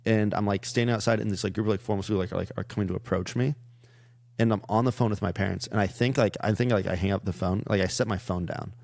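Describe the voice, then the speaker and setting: Young male comedian, low gravelly voice, dry close sound, rambling storyteller. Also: fast, dry recording. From Iowa. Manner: rambling, many "like" fillers, animated retelling. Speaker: comedian guest. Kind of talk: casual storytelling chat.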